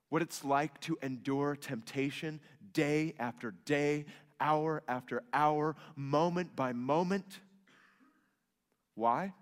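A man preaching a sermon, swinging from loud emphatic rises to soft hushed lines. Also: medium pitch. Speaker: pastor. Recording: long hall reverb.

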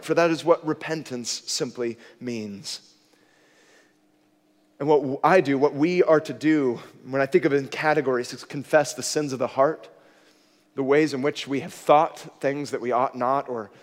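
A man preaching a sermon, telling stories with lively acted outbursts, then turning quiet and earnest. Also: on the high side. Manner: animated storytelling, bursts into loud acted exclamations, drops to a quiet earnest tone. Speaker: pastor. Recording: long hall reverb.

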